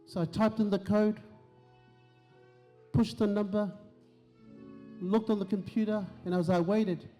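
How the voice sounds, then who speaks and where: Slow-telling high-voiced male preacher. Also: dark tone, big-room sound. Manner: retells dialogue, acting out each voice. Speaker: pastor. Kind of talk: sermon storytelling.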